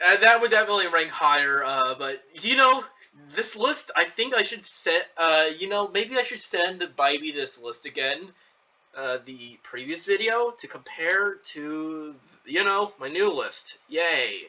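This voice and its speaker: A man's voice: a little high, animated, unhurried, sharp tone. A young man giving casual reaction commentary on a video, hesitant and full of fillers and restarts. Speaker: channel host commenting on a video. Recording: lo-fi, distant from the mic.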